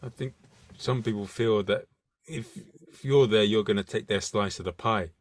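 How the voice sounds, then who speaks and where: A man with a fairly low voice hosts a relaxed podcast interview. He thinks out loud and draws out his guest with questions. The sound is close and dry, with no room echo. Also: normal speed. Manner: reflective, asks questions and makes points. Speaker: podcast host. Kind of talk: casual interview.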